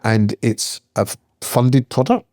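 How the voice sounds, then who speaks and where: A man's voice: mid-range voice, lively intonation, slow pace, a little mellow, dry recording, studio quality. A man in his sixties, guest on a podcast, talking in a rambling, chatty way with lots of fillers and restarts. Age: 60s. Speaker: guest, founder and accountant. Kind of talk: casual podcast interview.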